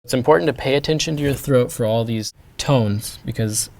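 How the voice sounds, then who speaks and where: A man teaching a pronunciation lesson, speaking deliberately and demonstrating each sound with care. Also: mid-range voice, gravelly, a little mellow. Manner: slow, deliberate, modelling sounds. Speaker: language teacher.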